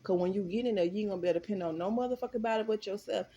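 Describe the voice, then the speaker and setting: Animated, swearing woman telling a story. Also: mid-range voice, rapid-fire, highs cut off. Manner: animated, profane and emphatic. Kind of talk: storytime vlog.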